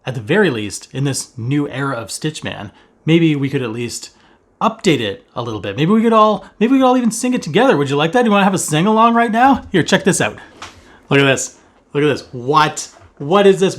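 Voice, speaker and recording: A man chats straight to the camera from his home in a hammy, fast-talking way. His voice sits a little high and leaps all over the place. He keeps mocking himself with big theatrical flair. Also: animated. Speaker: cross-stitch vlogger host. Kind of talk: casual chat vlog. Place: at home, indoors. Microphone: camera facing him while seated.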